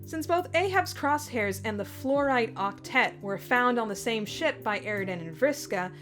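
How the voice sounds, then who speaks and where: A woman's voice: fairly high pitch, lively intonation, normal speed. Woman narrating fandom facts over music. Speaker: co-host of fandom facts video. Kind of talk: scripted facts narration with banter. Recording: music bed behind voice.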